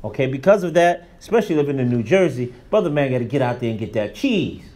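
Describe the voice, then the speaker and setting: A man's voice: medium pitch, animated, quick pace, darkish tone. A man teaching a religious class in an emphatic, colloquial preaching manner. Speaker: Islamic teacher. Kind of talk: religious lesson.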